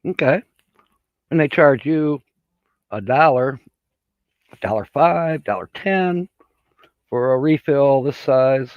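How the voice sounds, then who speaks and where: A man's voice: mid-range voice, slow, long pauses, dry recording, phone-quality sound. A man hosting a casual livestream chat, rambling in a folksy way and laughing at his own jokes. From Michigan. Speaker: livestream host.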